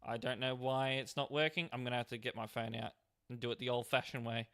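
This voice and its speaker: A man's voice: mid-range voice, little pitch movement, fast talker, creaky, a bit bright, smooth. A man live-streaming a driving game, chatting casually with viewers and reading their messages aloud between frequent fillers.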